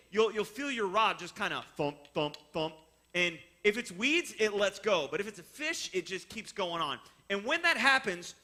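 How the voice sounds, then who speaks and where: A man telling a personal fishing story, explaining step by step and acting out the voices of the people in it. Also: high-pitched. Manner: animated, acts out voices in his story. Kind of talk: personal story told to listeners.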